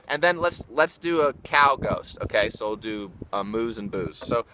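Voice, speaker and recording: A man's voice: lowish voice, animated, normal speed, hardly any pauses, over loud music, rough recording. A man hosting a comic livestream, chatting with viewers in a goofy, playful way and jumping between silly voices. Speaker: livestream host. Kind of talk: improvised comic livestream banter. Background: loud ukulele.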